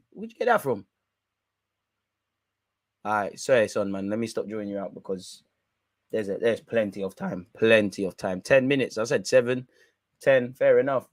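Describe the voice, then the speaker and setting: Excitable bloke doing match banter. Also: male voice, lowish voice, moderate pace, long pauses, dry recording. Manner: excitable, banter-heavy, swears. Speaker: football watch-along streamer. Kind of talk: live match reaction commentary.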